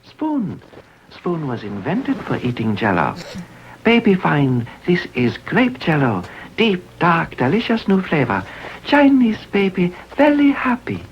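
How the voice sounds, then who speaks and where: A sing-song, clipped broken-English commercial narrator, as a man puts the voice on. He speaks unhurriedly and swoops widely in pitch, and his voice sits low. The audio is dull and lo-fi, like an old commercial, with faint hiss behind it. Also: animated, measured pace. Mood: mock solemn.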